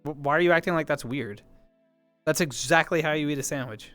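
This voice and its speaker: A man with a fairly high, smooth voice chats casually on a livestream, reading chat and answering viewers. He rambles and corrects himself, restarts sentences, apologizes often, and laughs easily. Soft music plays faintly behind him.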